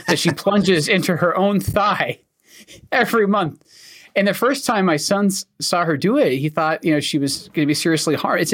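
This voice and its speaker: A man with a mild Scottish accent talks in a fairly high voice on a casual podcast. He explains things in a measured way as a physician co-host and drops in dry jokes. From Scotland. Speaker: co-host, oncologist.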